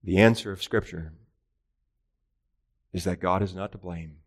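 A man preaching a catechism sermon with earnest, emphatic delivery, raising his voice for rhetorical questions and slowing down on key phrases. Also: fairly even intonation. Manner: earnest preaching, rising in pitch and volume for emphasis. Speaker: pastor.

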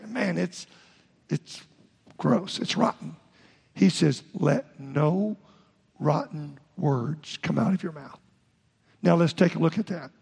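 A man's voice: high-pitched, gravelly, darkish tone, slightly rough. A man preaching a sermon as pastor, speaking in short emphatic phrases and often restarting mid-sentence. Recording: long hall reverb.

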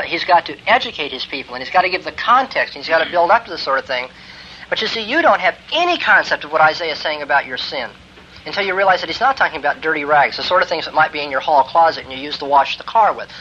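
A man giving a classroom lecture on Christian ethics, emphatic and building to forceful exclamations. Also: on the high side. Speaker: theology lecturer. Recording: dull lo-fi lecture tape with faint hiss.

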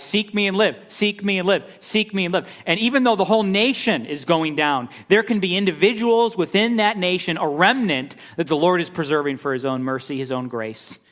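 A man's voice: fairly high pitch, fairly bright tone. A man preaching an expository sermon, emphatic, with rhetorical questions and repeated phrases. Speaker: pastor. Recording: long reverb of a large hall.

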